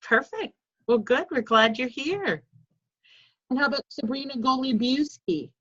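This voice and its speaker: A woman leads a team video call with lots of enthusiasm and encouragement. Her voice sits a touch high and sounds bright and forward. The audio is dull and lo-fi. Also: lively intonation, unhurried. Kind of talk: upbeat group video call.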